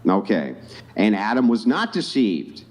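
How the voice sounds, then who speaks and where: A man's voice: fairly low pitch, wildly swooping pitch, a little slow. A man reading Bible verses aloud and pressing his point in an insistent, lecturing debate. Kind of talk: confrontational debate.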